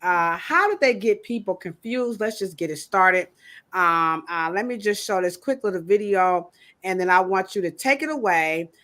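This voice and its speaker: A woman's voice: medium pitch, animated, normal speed, a bit bright. A woman hosting a podcast, talking casually and emphatically, with joking rants and bursts of laughter. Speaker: podcast host. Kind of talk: casual chat.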